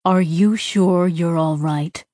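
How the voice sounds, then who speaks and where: A woman voicing a wry, worried male alien tech in a slower, lower tone. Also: mellow, dry recording, studio quality. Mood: concerned.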